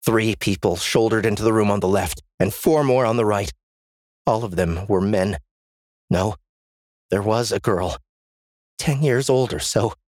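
A man's voice: on the low side, measured pace, pauses often, darkish tone, dry recording, clean studio sound. A man narrating a first-person story as an audiobook, in a tense, dramatic reading.

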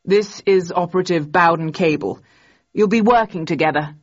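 A woman voicing a grey-haired gentleman in his seventies with courteous, old-fashioned formal speech. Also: lowish voice, normal speed, lightly acted. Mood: cordial. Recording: dull, muffled recording.

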